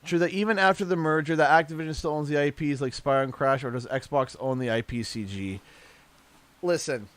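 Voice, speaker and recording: A young adult man from Canada, chatting casually and jokingly on a livestream while unboxing, rambling and easily excited. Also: a little high, a little fast. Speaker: streamer.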